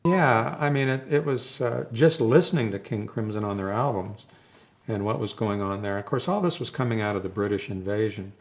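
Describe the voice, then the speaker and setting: An older man with a gravelly, fry-edged voice sitting somewhat low for a man. He tells interview stories in a loose, rambling way, chuckling between them. His talk is casual and reminiscent. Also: a little fast. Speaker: rock drummer, interview guest.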